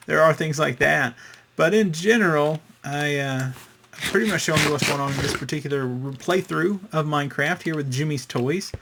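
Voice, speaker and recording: A man's voice: a little high, a bit bright, slight background noise. A man hosting a let's-play, talking through his game in a rambling, chatty way with fillers and little sound effects. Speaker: gaming channel host. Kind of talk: casual let's-play commentary.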